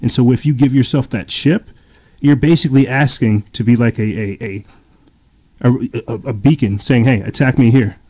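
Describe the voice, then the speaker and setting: A man's voice: mid-range voice, fairly even intonation, normal speed, dark tone. A man in casual podcast chat, talking in long rambling runs full of fillers and restarts.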